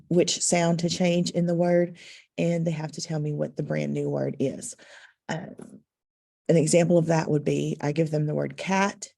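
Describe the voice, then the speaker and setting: A woman's voice: low voice, creaky, mellow. A woman teacher explaining to parents, patient and instructive, with frequent ums. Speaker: second-grade teacher.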